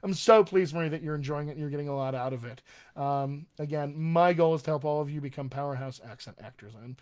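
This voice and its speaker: A man's voice: on the high side, fast talker, darkish tone. Chatty male dialect coach on a livestream. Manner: chatty, many fillers and restarts. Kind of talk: live-streamed Q&A talk.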